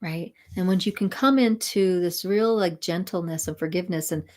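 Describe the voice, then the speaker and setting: A woman spiritual mentor and sound healer, talking gently and soothingly to viewers of a live stream. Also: on the low side, moderate pace.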